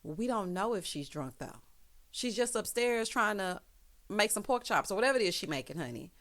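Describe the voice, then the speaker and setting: A woman talks through a reality TV episode in casual vlog commentary. She is sassy and animated, with a mid-range voice. Her tone is chatty and opinionated. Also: mid-range voice, a little fast. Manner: sassy, animated, with frequent exclamations. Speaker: TV recap vlogger.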